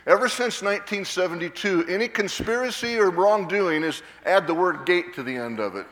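A man's voice: high voice, animated, brisk, fairly bright tone, in a large hall. A man in his sixties, a pastor preaching a sermon, emphatic, with frequent restarts and repeated words, asking his congregation questions. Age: 60s. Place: church sanctuary.

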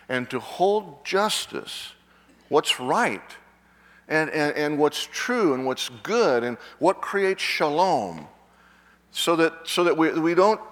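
A man's voice: on the high side, a bit bright, big-room sound. A man in his sixties, a pastor preaching a sermon, emphatic, with frequent restarts and repeated words, asking his congregation questions. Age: 60s. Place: church sanctuary.

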